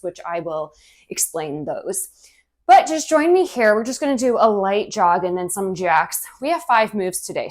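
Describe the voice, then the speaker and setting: A woman fitness instructor leading a cardio workout in her kitchen, talking while she exercises and cheering on her viewers, slightly out of breath. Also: mid-range voice. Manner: upbeat, encouraging, talks while exercising. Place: home kitchen.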